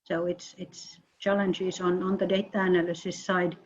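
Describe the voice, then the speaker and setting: A woman researcher answering questions in an online meeting, halting and often repeating words. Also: on the low side, level tone. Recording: muffled video-call audio.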